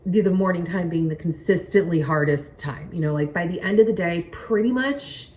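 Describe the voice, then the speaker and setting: A young woman chatting casually to camera from home in a rambling, excitable way. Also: fairly low pitch, normal speed. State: pregnant, recovering from nausea. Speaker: vlogger. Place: home, indoors by a window. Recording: somewhat distant mic, faint noise.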